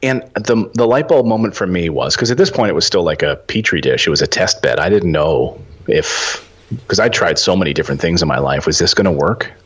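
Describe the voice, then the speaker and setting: A man in his forties telling a story as a podcast guest, animated and acting out the dialogue. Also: sits low, brisk, slightly rough. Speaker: podcast guest, real estate investor. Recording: dull lo-fi audio.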